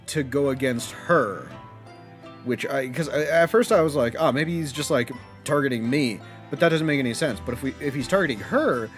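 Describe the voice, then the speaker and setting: A man casually commenting while playing through a story game, chatty and self-deprecating. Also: fairly high pitch. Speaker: let's play streamer.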